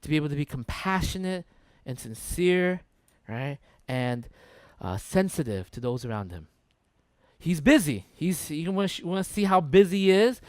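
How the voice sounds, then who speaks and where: A male pastor preaches in a loose, conversational sermon style, repeating phrases and checking in with his listeners. His voice sits high for a man. The sound is close and dry, with little room in it. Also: dry recording. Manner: conversational, checks in with "right?" and "okay?"; repeats words for emphasis.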